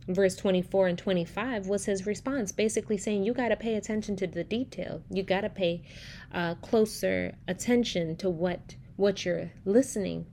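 A woman's voice: medium pitch, a little mellow, a little hiss or hum. A young adult woman hosting a faith-based podcast, telling stories in a chatty way with preacher-like emphasis. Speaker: podcast host.

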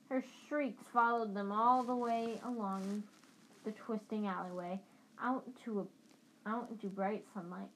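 A woman narrating a fantasy storybook with a steady reading pace and the odd restart. Her voice sits at a plain middle pitch. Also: a little hiss or hum, low-quality recording. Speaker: audiobook reader.

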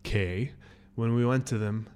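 A man hosting a podcast, telling a story in a casual, animated way, acting out the people in it with sudden jumps in pitch. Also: a little slow, clear, resonant tone. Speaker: podcast host.

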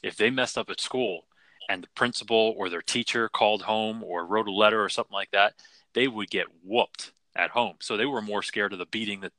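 Bright-toned low-voiced man. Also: brisk, no room sound. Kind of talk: casual podcast chat.

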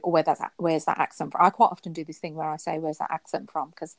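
Lower-voiced woman telling animated stories. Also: fast talker, no room sound. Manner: animated storyteller, jumps high for quoted exclamations. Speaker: podcast co-host. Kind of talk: casual chat.

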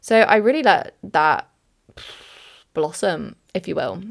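A woman's voice: on the low side, expressive, slow, vocal fry. A young woman hosting a podcast, talking through her own experiences in a candid, rambling way and laughing things off. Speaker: podcast host. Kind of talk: candid personal monologue.

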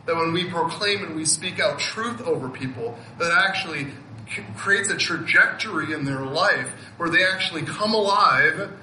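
A man in his fifties delivers a heartfelt sermon, laughing often and repeating words as he presses his point. His voice sits high and very bright. The hall around him rings with echo and a faint hum of ambience. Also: moderate pace. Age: 50s. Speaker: pastor.

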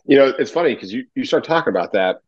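A man's voice: medium pitch, lively intonation, fast talker, slightly rough, dry recording, muffled recording. A man in his thirties co-hosting a podcast in casual chat, hesitant and trailing off with fillers. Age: 30s. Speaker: podcast co-host.

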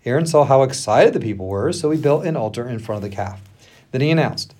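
On a pastors' podcast, a man reads scripture aloud at a quick pace in a somewhat husky voice that swings widely in pitch. He acts out the quoted lines expressively, punching some up and dropping others low, with laughs and asides in between.

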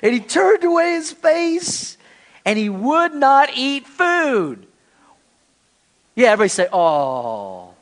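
Brief: man pastor, animated conversational sermon, high voice. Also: measured pace, long pauses.

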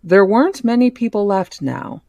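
Book club host, reading aloud, middle pitch, plain and measured, dry close sound. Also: lively intonation, a little mellow, no echo, dull audio. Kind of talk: reading aloud a novel, casual.

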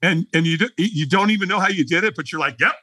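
A man's voice: high voice, fast, a bit bright, husky, no echo. A man telling a dramatic story as a podcast guest, acting out the scene in voices. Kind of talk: animated storytelling.

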